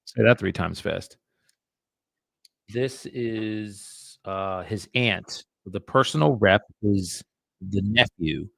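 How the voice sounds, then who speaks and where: A man with a low, gravelly voice talks his viewers through his phone calls on a live stream. He is chatty and offhand and often mutters asides under his breath. The sound is dry and close, with no room around it. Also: slow, dry recording. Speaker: real estate agent. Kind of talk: live-streamed cold calling with commentary.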